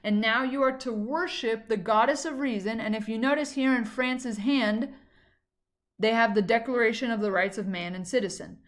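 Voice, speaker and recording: A woman's voice: fairly high pitch, normal speed. A woman teacher giving a recorded history lesson in a casual, chatty way, with frequent "um" and "like".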